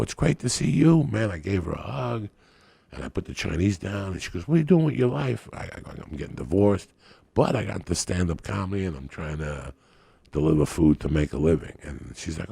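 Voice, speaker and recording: A man's voice: deep voice, very animated, fairly quick, gravelly, warm tone, husky, dry recording. A man, a stand-up comedian, telling crude, profane stories on a podcast and laughing at his own jokes.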